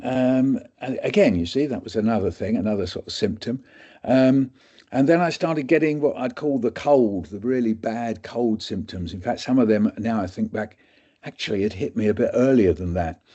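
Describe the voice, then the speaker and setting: A man's voice: medium pitch, normal speed, dark tone, breathy edge, muffled recording. An older English man telling rambling, self-mocking anecdotes as a guest speaker on a webinar, slipping into quoted voices. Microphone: video call.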